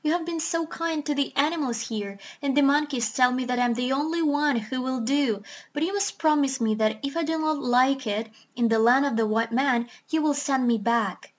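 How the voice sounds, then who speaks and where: A woman voicing a shy, very polite male two-headed beast in a storybook reading, speaking softly and gently. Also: sits high, moderate pace.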